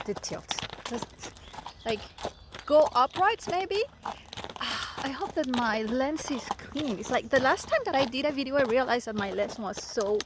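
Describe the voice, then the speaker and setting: A woman chatting excitedly and giggling while riding her horse outdoors, holding the camera. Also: high-pitched, a little slow, background noise. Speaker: riding coach vlogger. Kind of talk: casual vlog. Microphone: handheld camera.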